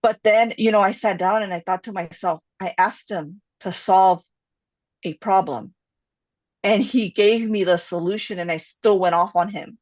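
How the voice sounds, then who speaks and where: A woman's voice: mid-range voice, moderate pace, no room sound. Chatty woman co-hosting a podcast. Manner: candid storytelling with Spanish phrases mixed in; chatty, with many "you know" fillers. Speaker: podcast co-host. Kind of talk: casual podcast chat.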